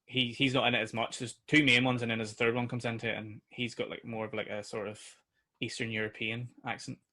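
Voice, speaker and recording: A man's voice: medium pitch, little pitch movement, quick pace, pushed and bright. A man, co-hosting a casual film review chat that rambles, with restarts and the odd swear word. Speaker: podcast co-host.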